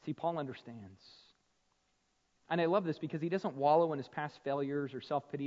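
A male pastor preaching with passion, his fairly high voice rising and falling between hushed emphasis and loud fervor. The sound is a little muffled, and a long reverb trails each phrase through a large hall. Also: brisk. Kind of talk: sermon.

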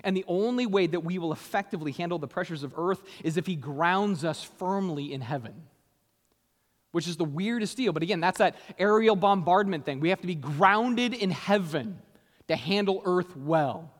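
A man preaching a sermon as a pastor, energetic and conversational, with jokey asides to the congregation. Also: sits high, normal speed, big-room sound.

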